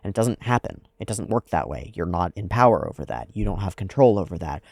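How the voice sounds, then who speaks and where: A man's voice: low-pitched, animated, fast, hardly any pauses, darkish tone, no echo, clean studio sound. A man hosting an anime reaction, talking through a character's psychology in a thoughtful, analytical way with frequent "like"s. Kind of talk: casual reflective commentary.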